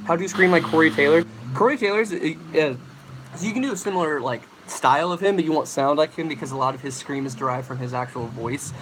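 A young man with a slightly high voice talks quickly over background noise while casually hosting a livestream. He rambles through chat questions about vocals and demonstrates screams along the way.

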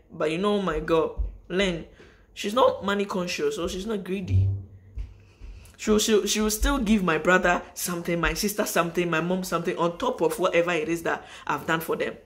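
A woman's voice: fairly low pitch, normal speed. A woman vlogger speaks straight to her audience in a loose, unscripted monologue. She presses her points by repeating them and often breaks off mid-sentence to start again. The delivery is earnest and emphatic. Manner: emphatic, repeats phrases for stress; rambling with restarts, addresses viewers directly. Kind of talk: casual spoken monologue to camera.

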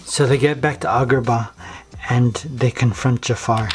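A man's voice: mid-range voice, fairly even intonation, moderate pace, faint music behind. Man telling a story in slangy rambling chat. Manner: slangy, rambling, full of likes. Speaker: vlogger. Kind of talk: casual comic storytelling.

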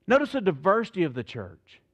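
A male pastor preaching a sermon, animated and emphatic, lifting his voice to stress points and slowing down on key phrases. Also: high-pitched, husky.

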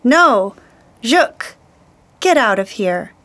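Woman doing grumpy tide lady spirit, scolding, slow and high-ish. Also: very animated, a bit bright, exaggerated voice. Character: stubborn, cranky female tide spirit.

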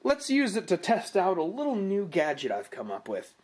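A man's voice: high-pitched, wildly swooping pitch, normal speed, a little mellow. A man giving casual, rambling commentary as he tries out cheap gadgets and snacks at home, dry and self-mocking, picked up on a camera microphone. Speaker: product review vlogger. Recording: noisy camera-mic recording.

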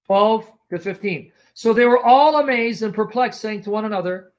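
A man's voice: high voice, a little slow, pauses often. A man teaching the Bible in a sermon style, emphatic and repetitive, often telling listeners to watch and asking if they follow, his throat strained by coughing.

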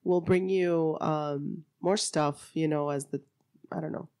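A woman's voice: deep voice, steady tone, a little slow, darkish tone, no echo. A woman from Miami co-hosting a podcast, chatting loosely and laughing often. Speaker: podcast co-host. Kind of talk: casual chat.

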